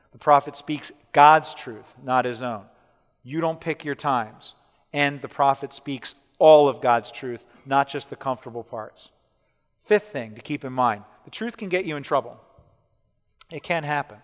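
A man preaching a sermon, emphatic, repeating his key points and slowing down to stress them, often checking in with the listeners. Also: mid-range voice, fairly bright tone. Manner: asks the listeners questions. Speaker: pastor. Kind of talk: sermon teaching. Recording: long hall reverb.

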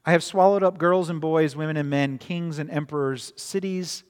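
A man voicing a great male lion king who speaks calmly and matter-of-factly, in a long-reverb hall. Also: on the high side, normal speed, clean tone, lightly acted. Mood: solemn. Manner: calm, matter-of-fact, unboasting.

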